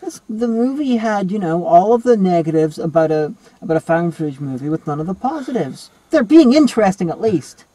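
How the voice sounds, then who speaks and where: A man's voice: high voice, lively intonation, a little fast, hardly any pauses, mellow, dry recording, low-quality recording. A man in a casual film review chat, rambling and digressive, full of "you know" and "like".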